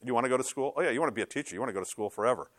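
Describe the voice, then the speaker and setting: A man's voice: mid-range voice, very fast, a bit bright. A middle-aged male pastor giving a conversational sermon in a church, joking and acting out other people's voices.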